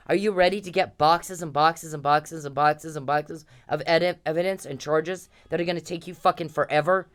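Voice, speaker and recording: Woman ranting angrily at someone. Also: deep voice. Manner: confrontational, profane, repeats phrases. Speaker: vlogger. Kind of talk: angry direct-to-camera rant.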